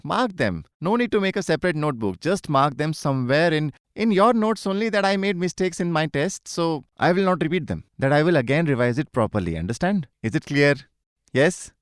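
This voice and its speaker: A man leads a live online lesson in a high, bright voice that swings widely in pitch. His tone is smooth and clear, recorded close and dry in a studio. He chats freely and keeps checking in with his students. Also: no echo. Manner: chatty, repeats greetings and checks often. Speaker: teacher.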